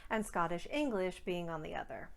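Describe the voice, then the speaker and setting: A woman speech coach hosting a scripted accent tutorial, enunciating sample words crisply and deliberately. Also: lowish voice, expressive, very noisy.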